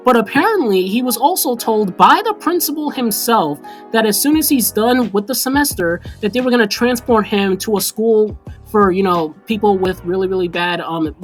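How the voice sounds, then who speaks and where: Young woman telling a story time. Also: medium pitch. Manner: animated, casual slang storytelling. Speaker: vlogger.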